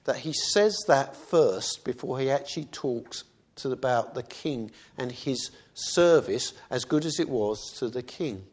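A man's voice: medium pitch, expressive, a little slow, darkish tone. A man preaching a sermon in a conversational way, often asking rhetorical questions.

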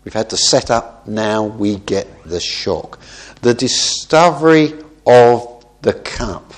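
Here the preacher's voice is lowish, expressive and slow, expounding a Bible passage like he's chatting with listeners. Tag questions of "isn't it?" come up often, and small self-corrections mid-word show a thoughtful manner.

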